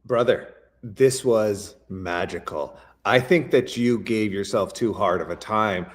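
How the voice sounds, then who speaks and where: A Canadian man talking as a guest in a casual interview, animated, with stammering restarts and lots of fillers. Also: on the low side, measured pace.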